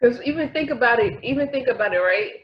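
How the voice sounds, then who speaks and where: A woman co-hosting a podcast in casual chat, talking in an animated way and often trailing off and restarting. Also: on the high side, fast talker, dull audio, slight background noise. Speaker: podcast co-host.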